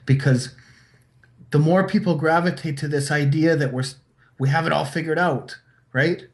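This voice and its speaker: A man's voice: mid-range voice, darkish tone. A man hosting a podcast, talking in a rambling, philosophical way and retelling fables to make his point. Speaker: podcast host. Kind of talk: casual chat.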